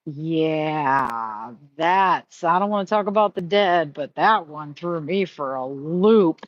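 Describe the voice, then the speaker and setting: A woman's voice: sits low, lively intonation, takes it slowly, no echo, highs cut off. A middle-aged woman hosting a live stream, talking candidly in a rambling way, with frequent swearing and restarts. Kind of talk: casual live-stream chat.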